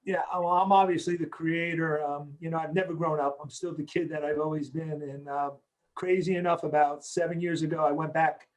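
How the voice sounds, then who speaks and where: Man, 60s, somewhat high-pitched, casual, rambling, filler-heavy interview answers. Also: steady tone, a little fast, rough recording. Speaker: creator of an animated short.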